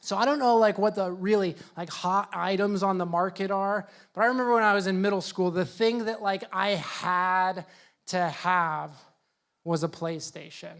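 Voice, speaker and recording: A youth pastor preaching to young people in a casual, joking, conversational way. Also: male voice, high-pitched, fairly even intonation, moderate pace, fairly bright tone. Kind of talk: youth sermon.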